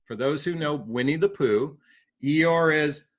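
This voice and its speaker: A middle-aged man, a relationships coach, giving animated advice in a podcast interview and acting out sample lines. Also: on the high side, a little slow. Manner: animated, acts out sample dialogue in voices. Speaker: dating and relationships coach, guest.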